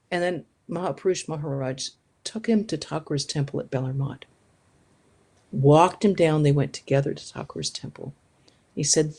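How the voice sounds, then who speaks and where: A woman with a slightly low voice tells devotional stories to a live audience. She is animated and expressive and acts out the dialogue of those she quotes. Her talk has a casual flow with frequent restarts. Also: normal speed. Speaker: spiritual teacher. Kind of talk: storytelling spiritual talk.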